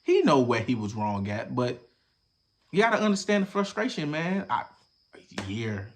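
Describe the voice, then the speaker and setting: Young male podcast host, reaction commentary, very lively pitch, profane and animated. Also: normal speed, a little hiss or hum. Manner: animated, profane, switches between loud acted-out bits and low mutters.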